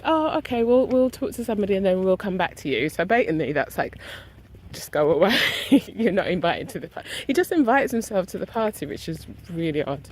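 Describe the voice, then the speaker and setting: A woman's voice: medium pitch, poor audio. Woman telling a story animatedly. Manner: animated retelling, acting out both sides of an argument. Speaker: vlogger. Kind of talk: casual storytelling.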